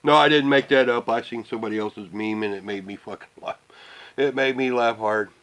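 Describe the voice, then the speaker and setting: A man's voice: a little fast, fairly bright tone, rough recording. Rambling, profane middle-aged man. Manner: rambling, profane, trails off into low mutters. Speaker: vlogger. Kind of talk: casual rant to camera.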